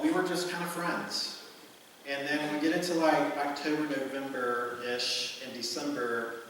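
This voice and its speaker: A man's voice: medium pitch, a bit bright, slight background noise. A man in his forties giving a sermon, telling a personal story in a casual, conversational way with plenty of asides and fillers. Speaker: pastor. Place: large church hall. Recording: roomy hall reverb from a distant mic.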